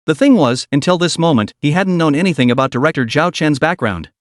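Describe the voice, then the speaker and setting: Brief: male narrator, fairly high and animated, dry close recording, dramatic delivery. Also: brisk, no room sound. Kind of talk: scripted narration of a comic recap.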